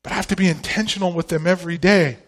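A man's voice: high-pitched, steady tone, fast talker. A man in his forties preaching a sermon with emphasis, asking the congregation rhetorical questions. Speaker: pastor.

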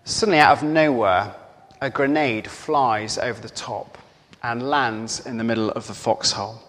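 A man preaching a sermon, telling a story slowly and earnestly, sometimes dropping to near-whispers. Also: mid-range voice, a bit bright. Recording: long hall reverb.

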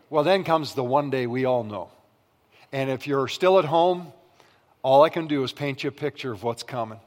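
A man's voice: high voice, fairly bright tone. A Canadian man preaching a sermon as pastor, telling comic stories and acting out family voices. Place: church sanctuary. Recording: long reverb of a large hall.

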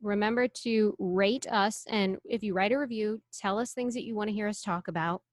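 A woman's voice: mid-range voice, moderate pace, no echo, studio quality. A young adult woman hosting a casual chat podcast, teasing and exclaiming a lot. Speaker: podcast host.

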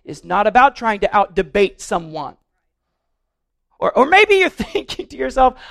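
A pastor with a notably high voice preaches to his congregation. He talks earnestly but loosely, trips over and repeats words as he goes, and slips in playful humor. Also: wildly swooping pitch, a little slow, vocal fry, a bit bright. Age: adult, married. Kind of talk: sermon.

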